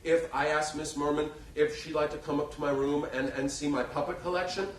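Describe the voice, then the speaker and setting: A man's voice: fairly high pitch, little pitch movement, a little fast, a little hiss or hum, natural voice. A man playing a stammering, nervous ten-year-old boy. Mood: nervous, polite. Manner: stammering and polite. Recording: echoey theater from far off.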